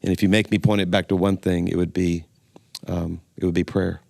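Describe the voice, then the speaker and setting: A middle-aged pastor speaks in a low, gravelly voice. He tells folksy stories and laughs easily. The recording is dry and close. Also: flat delivery, a little fast, a little mellow, dry recording. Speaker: pastor, guest. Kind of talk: casual interview chat.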